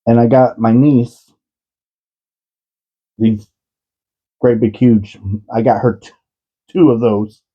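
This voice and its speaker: Slow husky man, casual yarn chat. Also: mid-range voice, steady tone, muffled recording. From United States. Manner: giggly, keeps breaking into laughter. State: laughing to tears. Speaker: yarn vlogger.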